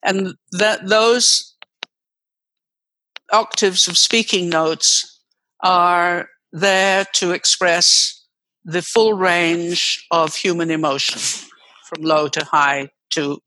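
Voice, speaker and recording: Bright-voiced older woman voice teacher. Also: slow pace, no room sound, poor audio. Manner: expressive, swooping pitch, vivid demonstrations. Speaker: voice teacher, guest. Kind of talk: explanatory interview talk.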